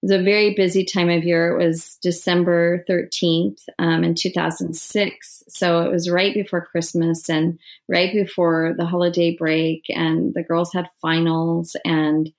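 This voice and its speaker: A middle-aged woman, an author, telling her story in an interview with frequent restarts and soft laughs. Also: lowish voice, level tone, measured pace, few pauses. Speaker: author guest.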